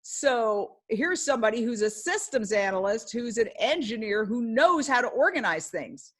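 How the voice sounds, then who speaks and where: Passionate woman with a high voice. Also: big pitch swings, moderate pace, fairly bright tone. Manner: passionate, emphatic storytelling. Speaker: guest speaker, journalist. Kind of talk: casual live talk.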